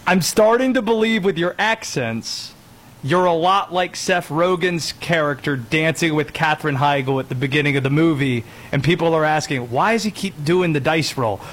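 A man's voice: on the high side, normal speed, fairly bright tone. A man hosting sports talk radio, dry and teasing, steering each segment along.

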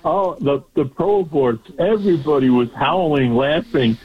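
A man's voice: a little high, normal speed, a crowd in the background. Man, chatty host, muffled lo-fi recording. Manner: chatty anecdote teller who laughs at his own punchlines. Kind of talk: casual chat. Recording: dull lo-fi sound.

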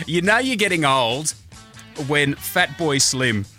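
A man's voice: on the high side, big pitch swings, slow pace, sharp tone, soft background music. A man with an Australian accent hosting breakfast radio, chatting casually and reading out birthday wishes with jokey, self-mocking asides. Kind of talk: casual radio chat and birthday call-outs.

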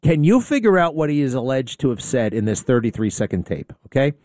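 A man's voice: mid-range voice, big pitch swings, fairly quick, dark tone, dry recording, clean studio sound. A man hosting a talk radio show, rambling through an opinionated monologue with sarcasm and indignation.

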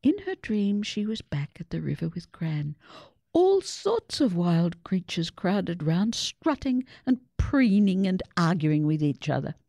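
A woman reading a children's story aloud in a measured, expressive way. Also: on the low side, vocal fry, no room sound, clean studio sound. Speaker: reader. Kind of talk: storybook narration.

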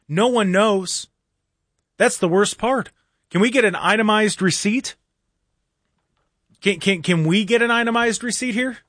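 Sarcastic talk radio host, dry studio. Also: male voice, sits high, a bit bright, no echo. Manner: rambling, sarcastic, mock-earnest asides. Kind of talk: opinionated talk radio monologue. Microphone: studio microphone.

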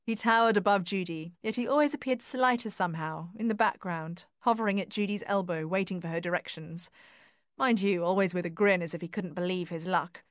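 A woman reading a novel aloud as audiobook narrator, measured and even. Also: on the low side, no echo, studio quality. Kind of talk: scripted narration.

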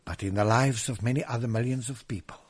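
A man preaching a sermon, slow and emphatic, moving between loud proclamation and hushed, whispered words. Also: mid-range voice, breathy edge.

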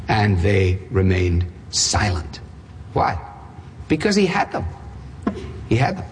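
A man's voice: low-pitched, sing-song, takes it slowly, pauses often, slight background noise. A man preaching a sermon, firing off emphatic rhetorical questions with touches of dry humor. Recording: reverberant hall.

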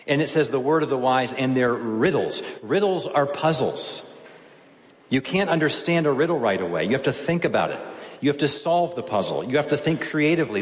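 A male pastor delivering a sermon, explaining scripture patiently and posing questions to his listeners. His voice sits at an ordinary middle pitch. It carries through a large hall with a long, echoing reverb. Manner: teaching, explaining verses step by step with rhetorical questions.

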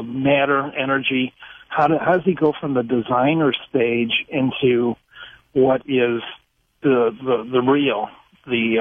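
A man's voice: medium pitch, no echo. A man calling a radio show who rambles and searches for his words as he asks a question. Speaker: caller. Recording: phone line.

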